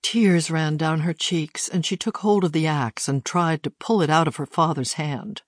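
An audiobook narrator with a very low woman's voice reads scripted narration at normal speed. The sound is clean studio quality with no room sound.

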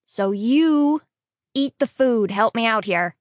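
Weary mother, clipped and flat, read by a woman audiobook narrator. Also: fairly high pitch, slow pace, no echo, clean studio sound. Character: tired impatient working mother.

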